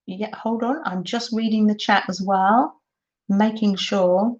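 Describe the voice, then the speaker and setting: A woman's voice: mid-range voice, steady tone, slow, a little mellow. An older woman, gushing in a casual livestream chat while she shows crafts to viewers. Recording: dull lo-fi sound.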